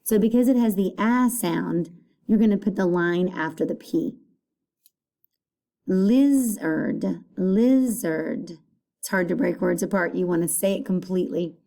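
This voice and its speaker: A woman teacher giving a recorded phonics lesson, patient and repeating each word clearly. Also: fairly low pitch, a little slow, mellow.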